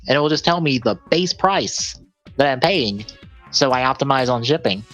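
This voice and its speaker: Co-hosting a gaming podcast, a man chats casually and reads out lists of game releases, rambling, correcting himself, and laughing often. His mid-range voice is animated and a bit bright at a moderate pace, with faint music behind.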